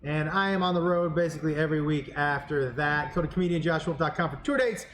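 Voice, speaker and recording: A man's voice: on the high side, fast talker, fairly bright tone, slight background noise. A man who is a comedian co-hosting a podcast, chatting casually in a scattered, self-deprecating, joking way. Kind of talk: casual chat.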